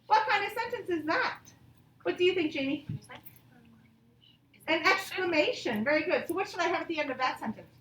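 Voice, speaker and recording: High-voiced teacher in an echoey room. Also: female voice, animated, fairly bright tone, far from the mic. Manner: slow, exaggerated reading of example sentences. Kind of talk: online grammar lesson for young children.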